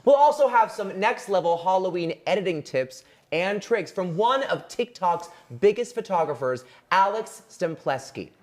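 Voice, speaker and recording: A co-host with a sassy, campy manner who keeps calling people "baby" on a playful live show. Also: female voice, medium pitch, expressive, normal speed, hardly any pauses, a little mellow. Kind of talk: playful live-stream hosting.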